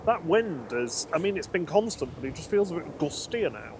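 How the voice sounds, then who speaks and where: A man giving lively live plane-spotting commentary outdoors at an airport, reading out flight details. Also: on the high side, moderate pace. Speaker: live stream co-host. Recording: windy outdoor ambience, audible noise.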